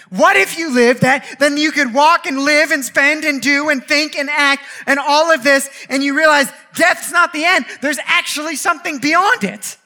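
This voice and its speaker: A male preacher with an unusually high, piercing, sharp voice. He preaches with passion, stacks rhythmic repeated phrases and climbs into shouts. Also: moderate pace, hardly any pauses. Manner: impassioned, building to shouts. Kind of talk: sermon.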